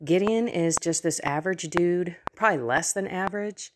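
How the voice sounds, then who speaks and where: A woman's voice: lowish voice, moderate pace, background noise. A woman hosting a podcast, retelling a Bible story in a conversational way with playful asides. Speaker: podcast host. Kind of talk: casual Bible teaching.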